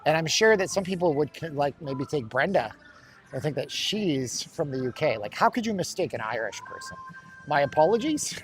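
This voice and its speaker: A man's voice: on the high side, animated, normal speed, fairly bright tone, soft background music. A man hosting a casual walking-tour livestream outdoors, chatting and joking with viewers as he walks. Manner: chatty, joking, laughs often. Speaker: livestream host. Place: outdoors at an outlet mall.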